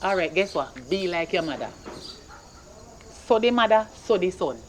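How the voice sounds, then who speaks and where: A performer playing a stern, broke Jamaican mother who scolds her son in rapid patois. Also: mid-range voice, expressive, a little hiss or hum, close to an everyday voice. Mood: scolding. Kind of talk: comedy skit acting.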